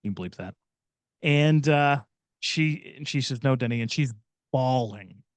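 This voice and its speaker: A middle-aged man from Indiana telling a personal story as a podcast guest, earnest and halting, often restarting his sentences. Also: mid-range voice, lively intonation, no echo. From Indiana, USA. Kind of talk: personal storytelling in casual chat.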